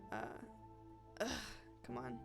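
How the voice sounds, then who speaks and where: A woman hosting a let's play, chatting casually and poking fun at herself as she plays. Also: slow. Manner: chatty, self-deprecating. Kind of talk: casual game commentary. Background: faint game music.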